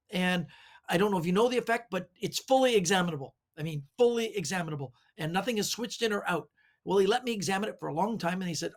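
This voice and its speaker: A middle-aged man, a magician guest, telling animated anecdotes with lots of fillers. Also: high voice, fast talker. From Canada. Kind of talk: storytelling interview answers.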